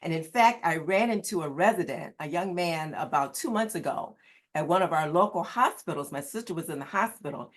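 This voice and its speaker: A woman's voice: low voice, animated, a little fast. A woman who works as a standardized patient, giving an earnest, emphatic prepared presentation. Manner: earnest, emphatic, repeats key words.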